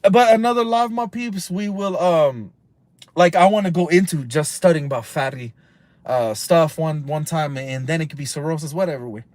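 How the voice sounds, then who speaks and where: A man's voice: a little high, normal speed, a little mellow, dry recording. A man of about thirty, ranting casually on a live stream from inside a car, heated and profane, rambling and mixing in Spanish slang. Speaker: livestream host.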